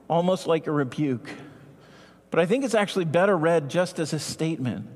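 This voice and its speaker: An earnest male pastor preaching a sermon with a somewhat husky, higher-pitched voice. He leans into his points and stretches out the words that matter most. The sound rings with a long reverb, as if from a big church sanctuary. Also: animated. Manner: earnest, emphatic, slows to stress key words.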